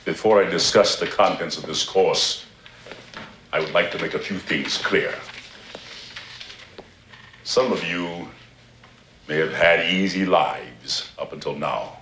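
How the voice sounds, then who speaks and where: A grave, booming old professor. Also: male voice, a bit bright, a little hiss or hum. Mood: stern. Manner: slow, grave, commanding. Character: stern older male professor addressing students. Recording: roomy film audio with faint ambience.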